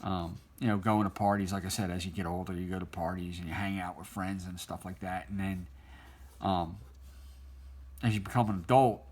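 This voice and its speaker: A man's voice: sits low, fairly even intonation, normal speed, a little mellow, breathy edge. A middle-aged man casually telling a childhood story while he draws, rambling and laughing often. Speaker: artist drawing on stream.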